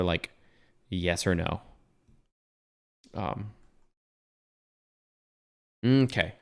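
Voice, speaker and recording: A young man talking casually through a coding tutorial while sharing his screen, thinking aloud with fillers and self-corrections. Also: low-pitched. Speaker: web developer teaching a coding tutorial.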